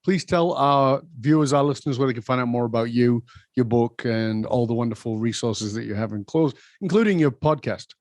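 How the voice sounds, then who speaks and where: A man's voice: medium pitch, a little fast, a little mellow, no room sound. A man hosting an interview podcast, courteous and formal in thanking his guest. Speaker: podcast host.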